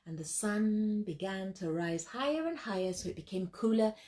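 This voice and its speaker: A woman storyteller telling a children's tale in an animated, expressive way, often speaking directly to her listeners. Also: medium pitch, normal speed.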